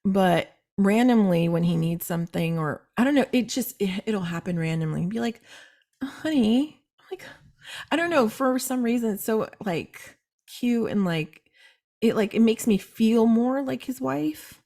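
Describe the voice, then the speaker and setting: A woman hosting a casual chat, telling stories in an animated, chatty way. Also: medium pitch, moderate pace. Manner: chatty, animated storytelling with laughs. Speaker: host.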